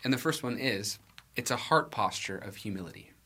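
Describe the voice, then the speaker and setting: A man's voice: mid-range voice, animated, a little fast, pushed and bright. A man preaching a sermon to his church in a conversational, self-deprecating way, with restarts and light laughs. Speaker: pastor.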